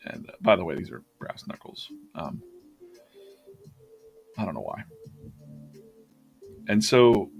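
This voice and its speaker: Male artist-streamer, low-pitched, rambling casual storyteller at home. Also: sing-song, slow, creaky, pauses often, faint music behind. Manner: rambling storytelling with many fillers and self-corrections. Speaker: artist hosting a live drawing stream. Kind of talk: casual chat while drawing.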